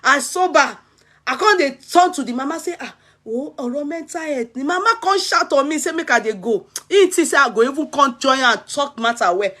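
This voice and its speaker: A woman's voice: sits high, expressive, brisk, a bit bright. A Nigerian woman vlogger with a Yoruba-tinged accent, telling a comic childhood story in Pidgin, acting out the crying and laughing often.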